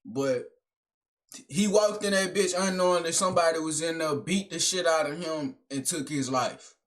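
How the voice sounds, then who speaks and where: Brash, bright-voiced man ranting in reaction. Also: a little high, moderate pace. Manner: heated, animated ranting, swearing heavily. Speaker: reaction video host. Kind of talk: profane casual reaction commentary.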